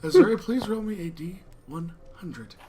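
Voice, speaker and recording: A man narrating part of a tabletop game, halting and repeating words as he goes. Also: sits high, huge pitch swings, crowd noise. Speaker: co-game master.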